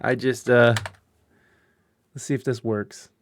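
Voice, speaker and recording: Here a podcast host on a video call microphone talks slowly in a flat, mid-range voice, with slight background noise. He's live-streaming, chatting loosely and griping about tech problems, swearing and wandering off with lots of fillers.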